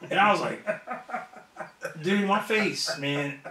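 A man in an interview, telling a wrestling story in a casual, profane, animated way and acting out the voices of other people. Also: high-pitched, extremely slow. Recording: roomy echo, somewhat off-mic.

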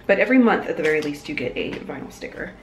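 A woman's voice: sits low, animated, fast talker. A young woman chatting casually and upbeat in a home vlog, thinking aloud as she goes. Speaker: vlogger. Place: home room. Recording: echoey room, faint noise.

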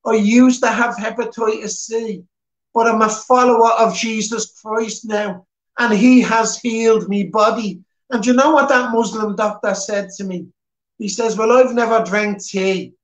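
A man's voice: sits high, fairly even intonation, a little slow. A man with a Dublin Irish accent telling his personal testimony at church in an earnest, plain-spoken way. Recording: echoey church hall.

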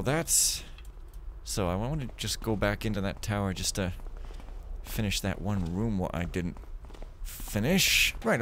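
A man chatting his way through a game, joking and rambling with a lively, bouncing voice. his tone swings up and down as he reacts and riffs, and faint music plays under him. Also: on the low side. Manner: chatty and jokey, wandering asides. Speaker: gaming video host. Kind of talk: let's play commentary.

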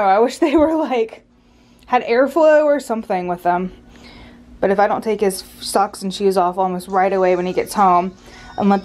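A woman's voice: medium pitch, a little mellow. A woman chatting casually in a home vlog, often laughing and speaking sing-song to her children, recorded on a handheld camera. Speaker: family vlogger and mother. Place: family home indoors.

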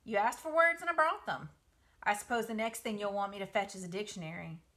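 A grumbling, indignant barn rat, voiced by a woman in a storybook reading. The voice jumps high and loud when annoyed, bright and lively in tone. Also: fairly quick, close to an everyday voice.

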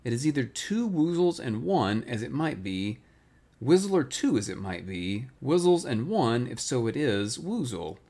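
A man doing a slow, musing teddy bear. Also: mid-range voice, big pitch swings, warm tone. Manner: ponderous, musing. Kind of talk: bedtime storybook reading.

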